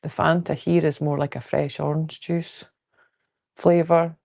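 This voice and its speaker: With a low, creaky, darkish voice that barely shifts in pitch, a woman with a Fife Scottish accent speaks a little slowly. She's at home indoors on a quilting livestream, casually and frankly chatting, rambling and joking as she replies to viewer comments.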